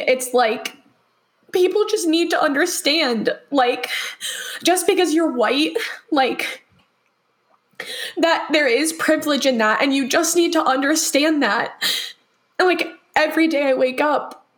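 A young woman with a high voice speaks on a podcast in an earnest, heartfelt way. She leans on "like" again and again as she works through her thoughts. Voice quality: earnest, heavy use of "like" as filler. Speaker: podcast co-host. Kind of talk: emotional personal podcast talk.

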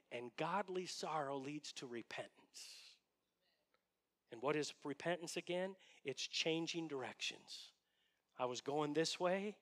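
Bright-voiced earnest male pastor. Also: a little high, expressive, unhurried. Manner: earnest, emphatic, with rhetorical questions. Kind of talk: sermon.

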